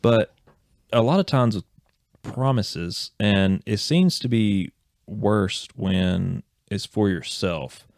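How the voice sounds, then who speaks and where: A man's voice: lowish voice, takes it slowly, vocal fry, darkish tone, no echo, studio quality. A man co-hosting a casual podcast, talking in a rambling, encouraging way and often correcting himself. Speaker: podcast co-host.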